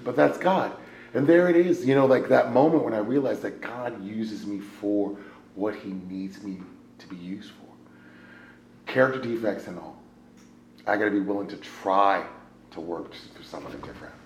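Gravelly-voiced guy sharing his testimony, gets loud then goes real quiet, echoey room with faint hum. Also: lowish voice, normal speed. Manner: animated storyteller, swings from loud exclaiming to hushed murmur; keeps checking in with "right?". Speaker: speaker sharing at a recovery meeting. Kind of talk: personal testimony.

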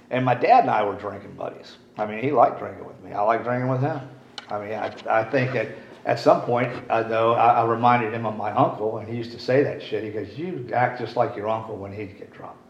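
Rambling low-voiced man in a roomy hall. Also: vocal fry. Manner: rambling, candid, swears casually. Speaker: speaker at a recovery meeting. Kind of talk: recovery share talk. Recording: roomy, dull, faint hiss.

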